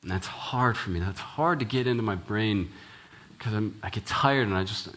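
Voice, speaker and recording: Low-voiced man preaching casually. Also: moderate pace. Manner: casual, frequent "right?" tag questions and restarts; earnest, ends in quiet prayer. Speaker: minister. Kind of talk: conversational sermon.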